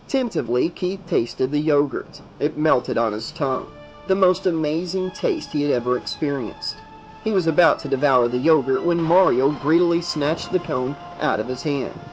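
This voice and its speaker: A man's voice: on the high side, low-quality recording. Man narrating a horror audiobook. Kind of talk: unabridged audiobook reading.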